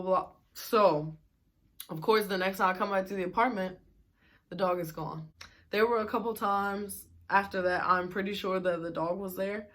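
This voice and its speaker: A woman's voice: fairly low pitch, fairly bright tone. Young adult woman, vlogger telling a story; exasperated, sarcastic, casual.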